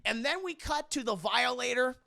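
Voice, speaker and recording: Profane rambling streamer guy, high-ish gravelly voice, recapping a movie. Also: expressive, moderate pace, bright, forceful tone. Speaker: streamer reviewing a film. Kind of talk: casual livestream recap.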